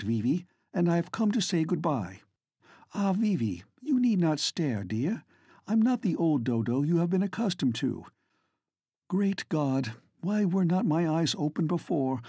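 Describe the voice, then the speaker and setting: A man voicing a resolute, earnest aristocratic Edwardian lady in an audiobook, speaking with quiet determination. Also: fairly high pitch, sing-song, unhurried, husky, no echo, clean studio sound, voice pushed up, heavily acted. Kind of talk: audiobook character reading.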